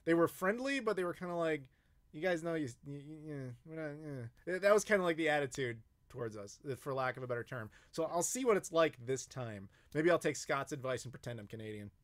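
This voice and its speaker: A man's voice: fairly high pitch, animated, quick pace, few pauses. Rambling, profane American man. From United States. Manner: rambling, profane, with frequent fillers and restarts. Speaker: YouTube host answering live chat questions. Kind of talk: casual live-stream Q&A.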